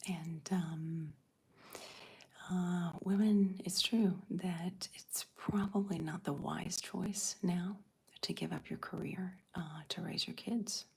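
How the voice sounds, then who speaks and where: A middle-aged woman hosting an ASMR livestream, answering chat in a soft breathy whisper. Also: lowish voice, fairly even intonation, takes it slowly.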